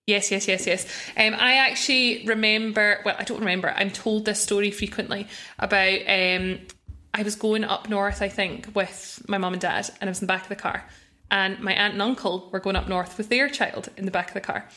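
Glaswegian woman, young, quick chatty podcast guest who laughs easily. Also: mid-range voice, fairly even intonation, sharp tone. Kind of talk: casual chat.

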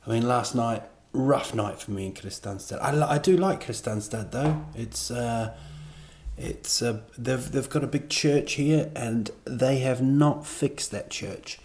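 A man's voice: lowish voice, a little mellow. A man, a comedian, talking alone on his podcast in a casual, rambling, self-deprecating way, drifting from one digression to the next. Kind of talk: casual solo podcast monologue.

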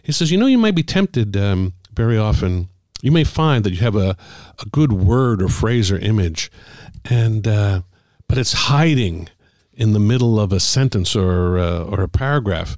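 A man, middle-aged or older, an author telling stories about the craft of writing in a casual, halting way with many fillers. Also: fairly low pitch, lively intonation, a little mellow, no echo, studio quality. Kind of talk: casual conversational storytelling.

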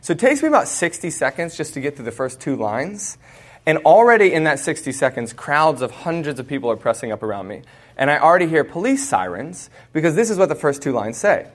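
An American conference speaker in his thirties talks live to students, telling a story in a humorous, conversational way. His voice is fairly high, sing-song and fairly quick.

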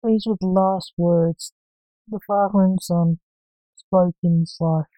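A woman narrating a spooky fantasy story in a measured, even reading. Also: lowish voice, no room sound, poor audio.

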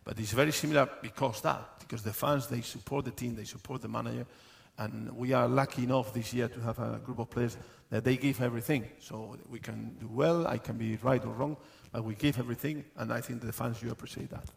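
Gravelly-voiced football manager on stage. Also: male voice, mid-range voice, steady tone. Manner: halting, many fillers and restarts, laughs often. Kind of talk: live on-stage interview answers. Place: stage at a live audience event.

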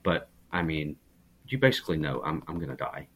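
A man's voice: extremely low pitch, big pitch swings, a little fast, husky. A man talking in a casual podcast chat, reflective and earnest, often restarting his sentences. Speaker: podcast guest.

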